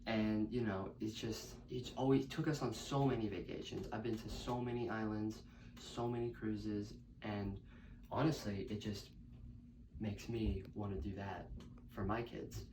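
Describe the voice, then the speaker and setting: A man's voice: lowish voice, steady tone, measured pace, recorded from a distance, background noise. A man earnestly praising his father, repeating his points as he talks. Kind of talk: heartfelt tribute speech.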